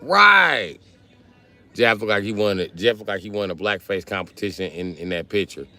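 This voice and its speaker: A man's voice: lowish voice, animated, moderate pace, sharp tone. A man chatting casually on a livestream, reading comments and trading crude, joking banter with his viewers. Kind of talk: casual live stream chat. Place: South Carolina.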